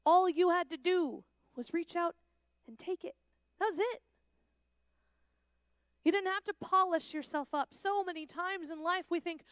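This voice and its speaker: Woman, chapel sermon, high voice, dry close sound, animated storytelling. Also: a little slow, pauses often, no echo. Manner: animated, plays out the characters' lines. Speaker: chapel speaker. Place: school chapel.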